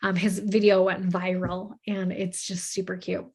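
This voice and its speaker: A woman hosting a self-help talk, earnest and encouraging, often checking in with "okay?" and "right?" and slowing down to recite affirmations. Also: lowish voice, little pitch movement, a little mellow, husky. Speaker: host of a self-help channel.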